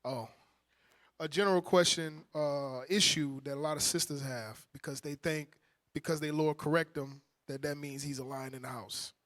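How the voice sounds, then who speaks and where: A man teaching a congregation from the Bible in a casual, slangy, animated way with call-and-response. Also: on the high side, normal speed.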